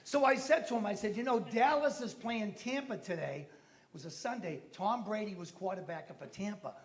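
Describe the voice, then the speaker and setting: Stand-up, man, high-pitched, brash storyteller doing voices, comedy club mic. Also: animated, normal speed. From Massachusetts.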